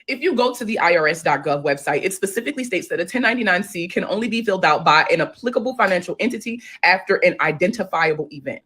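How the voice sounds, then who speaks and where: A woman's voice: lowish voice, lively intonation, fast, few pauses, a bit bright, breathy edge. A young woman, a finance creator, reacting to viewer comments in casual talk, blunt and exasperated, swearing and firing off rhetorical questions.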